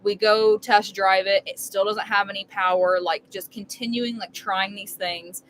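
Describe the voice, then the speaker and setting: A young woman chats into a live stream from inside her RV as she makes dinner. She tells her story casually and emphatically, rambling on with filler words. Her voice sits at a middle pitch, with a faint hum of background noise behind it. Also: fairly even intonation, unhurried, fairly bright tone, rough recording. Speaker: full-time RV live streamer.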